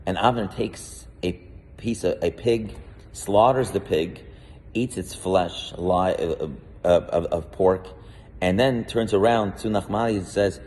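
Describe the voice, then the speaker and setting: A man's voice: low-pitched, a little slow, darkish tone, long reverb tail. A man, a rabbi, giving a weekly Torah portion talk in a storytelling way, with frequent restarts and fillers.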